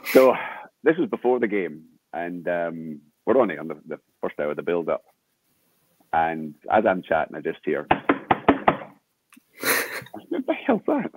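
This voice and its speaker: An older Scottish man, a veteran sports broadcaster, telling lively anecdotes in an interview with lots of restarts. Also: low voice, moderate pace, husky. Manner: animated storyteller with frequent laughter and restarts. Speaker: guest, veteran radio sports presenter. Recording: tinny phone-like remote call.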